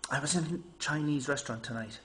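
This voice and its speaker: A man's voice: fairly high pitch, fairly quick, slight background noise. A man rambling casually to his camera, telling stories and mimicking people in a raised voice. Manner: chatty, animated storytelling, mimics people in raised voice. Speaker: vlogger.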